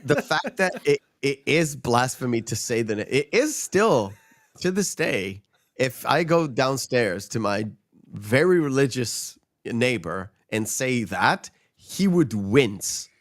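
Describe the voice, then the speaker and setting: A man hosting a podcast, talking loosely and casually about a movie. He keeps stopping and restarting his sentences and laughs softly along the way. His voice sits at an ordinary middle pitch. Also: big pitch swings, slow pace. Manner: rambling, frequent restarts and chuckles. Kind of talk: casual film discussion.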